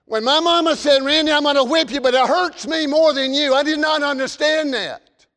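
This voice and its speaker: Southern man preaching, very high voice, fervent, long church echo. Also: normal speed. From American South. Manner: fervent, shouts warnings then drops to folksy storytelling. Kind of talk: sermon.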